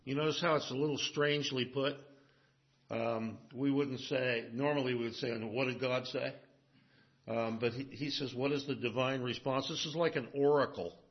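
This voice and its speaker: A man preaching a sermon as pastor, swinging between emphatic, raised lines and hushed, low asides. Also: steady tone, moderate pace, highs cut off.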